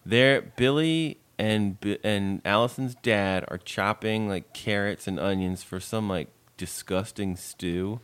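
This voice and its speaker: A man's voice: fairly low pitch, slow, few pauses, a bit bright, clear, resonant tone. A man co-hosting a podcast, recapping a movie with wry, laid-back asides. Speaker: podcast co-host. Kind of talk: casual movie recap chat.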